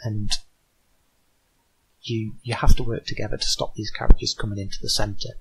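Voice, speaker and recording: A man guest on a podcast, talking casually about designing a board game, halting with many ums and restarts. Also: on the low side, level tone, noisy background.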